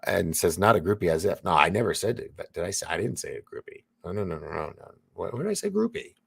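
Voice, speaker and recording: A man's voice: deep voice, sing-song, quick pace, creaky, breathy edge, no echo, clean studio sound. A man hosting a casual livestream, reading viewer comments aloud with a rambling, laughing manner and lots of fillers. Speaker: livestream host reading chat.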